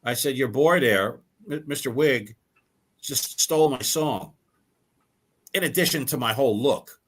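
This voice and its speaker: Unhurried and husky, with a slightly bright medium-pitched voice, an older rock musician trades stories as a guest in a casual interview. He plays out the dialogue he quotes, repeating and restarting words frequently.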